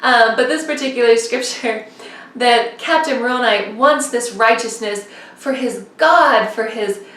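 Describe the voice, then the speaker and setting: A woman's voice: on the high side, measured pace, fairly bright tone. A young woman vlogging to camera in a rambling, chatty way with many fillers. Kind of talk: casual chat to camera. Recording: echoey room, mic at a distance.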